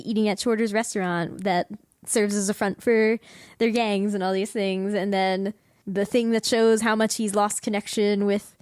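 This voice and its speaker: Woman, podcast host, chatty, laughs a lot, mid-pitched voice, dry close mic. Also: darkish tone, dry recording. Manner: chatty, laughs often, acts out quoted lines. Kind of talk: casual podcast discussion.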